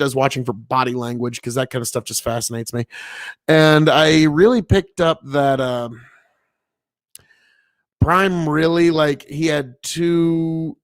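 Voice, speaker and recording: A man's voice: fairly high pitch, normal speed, clean tone, dry recording, studio quality. A man from Nebraska, a farmer, talking casually and profanely on a livestream from inside an old family mill, rambling with many fillers. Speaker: farmer streaming commentary.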